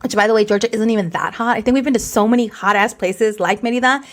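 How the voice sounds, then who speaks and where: Animated woman mixing in Spanish words. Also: a little high, fast talker. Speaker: podcast co-host. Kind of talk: casual storytelling chat.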